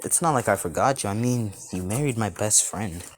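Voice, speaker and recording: A man's voice: on the low side, animated, a little fast, slight background noise, close to an everyday voice. A man reading as an easygoing young anime clan head.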